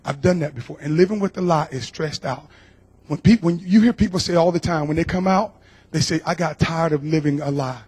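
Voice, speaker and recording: A man's voice: sits high, brisk, darkish tone, husky. A middle-aged man from Georgia tells a personal testimony to a church congregation. He speaks earnestly and emotionally and often repeats his words. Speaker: guest speaker.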